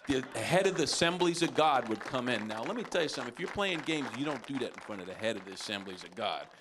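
Male preacher, storytelling sermon, lively pitch swings. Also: fast talker, background noise. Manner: animated, acts out quotes with big pitch jumps.

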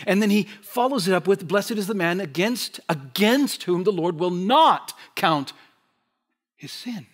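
A man giving a sermon as pastor, moving from loud, driving emphasis to quiet, hushed asides. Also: high-pitched, animated, measured pace, breathy edge. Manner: impassioned preaching, swinging between loud emphasis and quiet asides. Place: church sanctuary.

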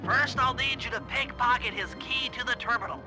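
A man's voice: extremely high pitch, a little fast. An actor voicing a brainy, fussy male turtle tech genius who explains plans patiently step by step, in a video game. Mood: instructing. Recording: game audio over music. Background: game music.

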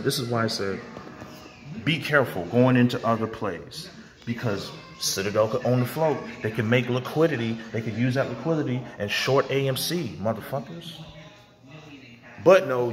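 A man ranting hotly to camera as a vlogger, profane and confrontational, now and then mocking others in put-on voices. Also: mid-range voice. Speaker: vlogger and music producer.

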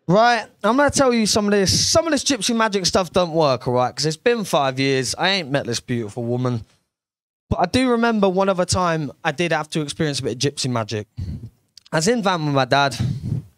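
Young man, stand-up comic, brash and sweary, higher-pitched voice, dry close sound. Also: animated, fairly quick, no room sound. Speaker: stand-up comedian. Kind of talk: stand-up comedy set. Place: comedy club stage.

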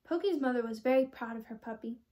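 A teenage girl reading a children's storybook aloud, with clear, expressive storytelling. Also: on the high side, fast talker. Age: teens. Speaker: storybook reader.

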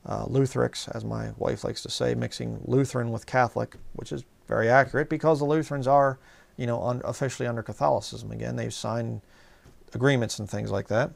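A man's voice: mid-range voice, steady tone, fairly quick, vocal fry. A man preaching a sermon, telling a rambling personal story full of fillers and rising into heated outbursts.

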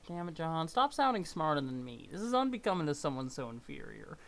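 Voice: mid-range voice, big pitch swings, fairly quick, a bit bright. A streamer voicing a grumpy, insult-slinging teenage troll boy while reading a webcomic aloud on stream. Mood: irritated. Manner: irritable, scornful.

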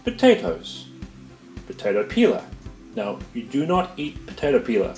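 A man's voice: medium pitch, darkish tone, reverberant. A man with a New Zealand accent hosting a goofy comedic cooking show from his home kitchen, full of playful sing-song exclamations.

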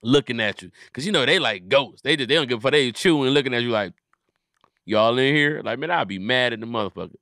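A man's voice: medium pitch, lively intonation, fast, hardly any pauses, pushed and bright, dry recording, studio quality. A man hosting a comedy podcast, riffing in casual profane chat and acting out little scenes.

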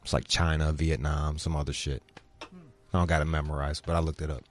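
A man hosting a show, talking in a casual, profane way that rises into loud outrage. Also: very deep voice, brisk, soft background music. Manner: animated, swearing, rising into loud outrage. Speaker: show host.

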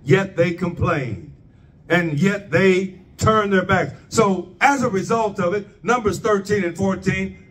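A man preaching a sermon in a high, unhurried voice, asking rhetorical questions of the congregation. He sounds set back from the microphone. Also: a bit bright, recorded from a distance.

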